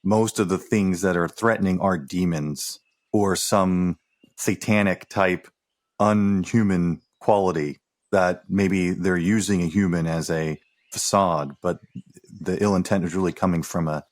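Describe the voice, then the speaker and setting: A man co-hosting a podcast, speaking in a measured, reflective way. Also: low voice, steady tone. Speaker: podcast co-host. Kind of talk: casual movie discussion.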